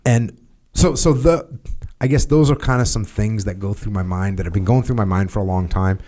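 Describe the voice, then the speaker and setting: An American man with a lowish, dark, mellow voice, speaking steadily and matter-of-factly. He talks in a relaxed podcast conversation and drops in casual fillers as he thinks aloud. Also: fairly quick. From United States. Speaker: former Navy SEAL leader.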